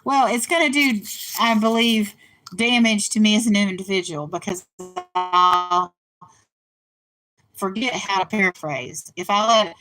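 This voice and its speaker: A woman's voice: mid-range voice, a bit bright. An older woman from West Virginia with a slight accent, rambling through casual stories as a show host. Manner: rambling storyteller, laughs at own stories. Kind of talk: casual monologue. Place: in a car.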